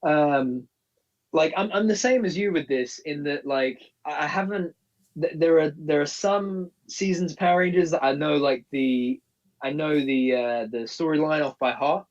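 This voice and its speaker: A man's voice: fairly high pitch, normal speed. Male co-host, rambling fan explainer, sounds distant and dull, off-mic. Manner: rambling, many restarts, nostalgic fan explaining. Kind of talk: casual live-stream chat.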